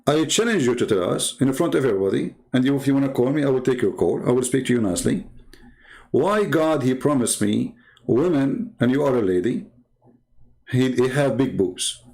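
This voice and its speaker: A man with a gravelly, mid-pitched voice gives heated polemical commentary as a channel host. He talks in a combative, mocking tone, firing rhetorical questions in non-native English grammar. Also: lively intonation, brisk, darkish tone. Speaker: host of a religious debate channel.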